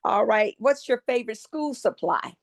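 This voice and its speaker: Upbeat middle-aged woman asking quick questions. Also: fairly high pitch, animated, gravelly. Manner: warm upbeat questioner, repeats answers back. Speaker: podcast co-host. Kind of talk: casual interview chat.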